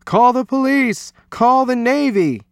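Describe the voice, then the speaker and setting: A man voicing a panicked, bellowing male swim coach in a storybook reading, shouting his lines. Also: very high voice, lively intonation, slow, clean tone, dry recording, studio quality, voice pushed up, heavily acted. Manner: shouting, shrieking.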